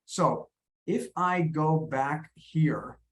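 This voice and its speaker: A man's voice: a little high, extremely slow. A man teaching an online pronunciation lesson over a video call, friendly and often repeating and restarting his words.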